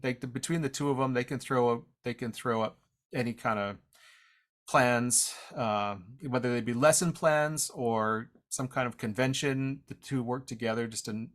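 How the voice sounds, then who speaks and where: Casual male language teacher on a video call, mid-pitched, halting and self-deprecating, with audio that drops out from a shaky internet connection. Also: a bit bright. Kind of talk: online presentation talk.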